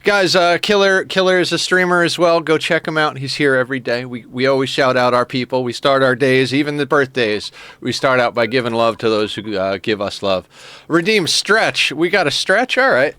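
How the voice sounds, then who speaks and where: A man's voice: medium pitch, normal speed, pushed and bright, smooth, no room sound. Chatty male game streamer, dry sound. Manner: chatty, reads out and thanks viewers; frequent laughs and filler words. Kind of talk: casual live-stream chat.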